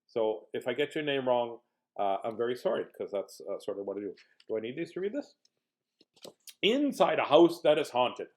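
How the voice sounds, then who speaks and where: Middle-aged man, goofy children's entertainer, mid-pitched, silly read-aloud storyteller who laughs a lot. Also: quick pace. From Manitoba, Canada. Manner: silly, animated, laughs often.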